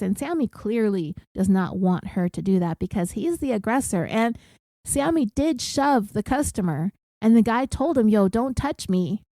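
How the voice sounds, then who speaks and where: A woman's voice: a little high, mellow, no room sound. A woman podcast host recapping a story in a casual, wry, conversational way.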